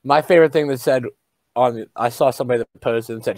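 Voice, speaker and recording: A man's voice: mid-range voice, fast, a little mellow, no echo. A man hosting a podcast, chatting casually in a laid-back way and asking his guest questions. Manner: laid-back, laughs along, asks questions. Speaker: podcast host. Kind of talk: casual chat.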